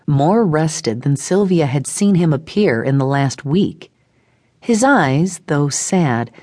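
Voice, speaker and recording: Brief: woman audiobook narrator, low pitch, dry studio sound. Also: warm tone, dry recording. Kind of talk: scripted narration.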